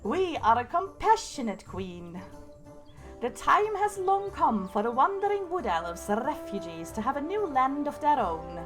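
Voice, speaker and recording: A woman voicing a regal queen from a game who rolls her R's and reads a royal letter slowly. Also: high voice, big pitch swings, music in the background, voice pushed up. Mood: stately. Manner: slow, stately reading of a royal letter. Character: regal imperial queen with rolling R.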